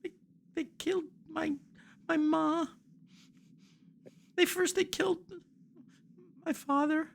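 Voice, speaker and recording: A man's voice: extremely high pitch, fairly even intonation, vocal fry, pitched above the performer's own voice, exaggerated voice. A man voicing a frightened, grieving young village boy who stammers through his sobs. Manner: sobbing, halting, stammering repeats.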